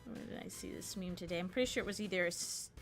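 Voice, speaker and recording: A woman's voice: lowish voice, quick pace, soft background music. A woman streamer chatting casually while playing a game, telling stories in a rambling way. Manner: chatty, storytelling, lots of "I was like". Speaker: streamer host. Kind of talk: casual chat while gaming.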